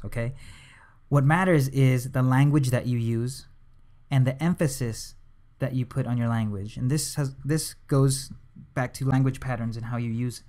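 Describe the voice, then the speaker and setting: Casual, rambling hypnosis teacher, man. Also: medium pitch. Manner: relaxed, conversational, many fillers and restarts. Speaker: hypnosis instructor. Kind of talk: casual instructional talk to camera.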